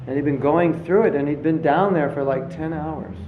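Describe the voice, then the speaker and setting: Man giving a relaxed talk in an echoey hall. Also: a little high, moderate pace, noisy background. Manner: storytelling, acts out voices in his anecdotes. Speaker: spiritual teacher. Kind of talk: casual lecture with jokes. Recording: roomy, slightly dull lecture recording.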